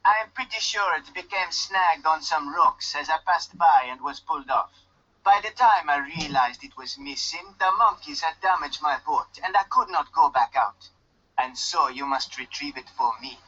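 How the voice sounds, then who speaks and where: A wary, stranded fisherman in a video game, with a put-on Jamaican accent and stiff, clipped phrasing. The voice sits a bit high and rings bright. The game audio is dull and lo-fi. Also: moderate pace. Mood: gruff. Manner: stiff and curt, no contractions. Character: guarded loner fisherman marooned on an island.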